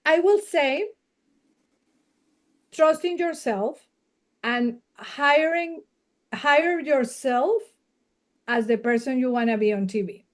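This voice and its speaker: A woman's voice: high voice, lively intonation, slow, pauses often. A woman with a Spanish accent, a non-native English speaker, talking earnestly as a guest media coach in a casual podcast interview and laughing readily.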